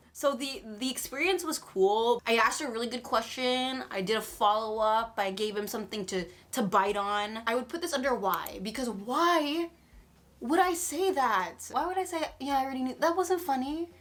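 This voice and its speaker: A Canadian woman in her twenties shares embarrassing fan stories in a casual vlog, mocking herself dramatically and swearing offhandedly. Her voice is a little high with a fairly bright tone, and she speaks fairly quickly.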